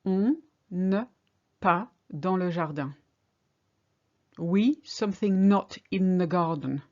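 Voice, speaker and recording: A woman's voice: lowish voice, slow pace, darkish tone, lo-fi sound. A woman teaching a language lesson, patiently explaining each example step by step. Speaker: French teacher.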